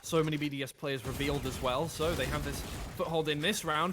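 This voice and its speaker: Male esports caster, slightly high voice, excitable play-by-play that surges in big moments, light hiss behind. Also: brisk. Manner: excitable, pitch rising sharply in big plays. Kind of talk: play-by-play commentary.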